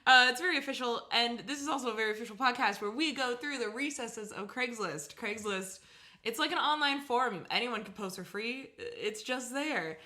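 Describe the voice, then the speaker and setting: A woman's voice: fairly high pitch, animated, pushed and bright. A young woman co-hosting a podcast, riffing and laughing in casual banter. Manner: giggly, quick riffing, explains at length. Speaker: podcast co-host.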